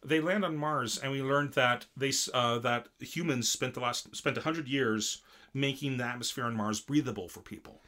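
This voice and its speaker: This is a man with a bright, forceful voice in a relaxed chat, recapping a show he watched. He rambles and restarts, and he gets animated as he acts out bits of the plot. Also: mid-range voice, moderate pace. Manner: rambling, animated retelling with many fillers. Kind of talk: casual chat recapping an anime episode.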